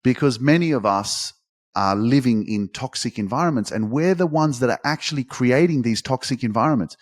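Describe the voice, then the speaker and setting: A man giving a motivational talk, swearing freely and climbing in pitch when he gets emphatic. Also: animated, brisk. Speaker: motivational speaker. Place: Dubai.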